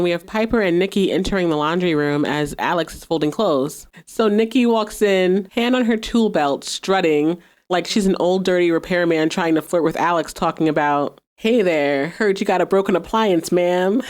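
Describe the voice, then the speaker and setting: With a lowish, darkish voice at a moderate pace, a podcast host casually goes over an episode. She chats away, laughs a lot, and voices the characters' lines herself.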